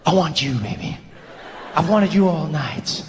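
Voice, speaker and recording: A man voicing a horny husband in bed, crooning low and wheedling, in a reverberant hall. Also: expressive, measured pace. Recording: hall reverb, faint noise.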